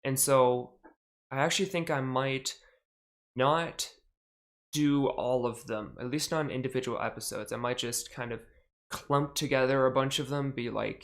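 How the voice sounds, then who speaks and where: A man's voice: medium pitch, moderate pace, fairly bright tone. Chatty young man, rambling stream host. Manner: rambling, self-correcting, chatty. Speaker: podcast host on a charity stream. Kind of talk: casual live-stream talk about astronomy.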